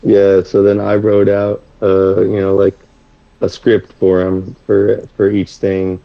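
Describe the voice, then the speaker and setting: A man's voice: fairly low pitch, monotone, slow, creaky, lo-fi sound. A man appearing as a guest rapper, talking in a rambling way with lots of restarts and swearing. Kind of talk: casual chat.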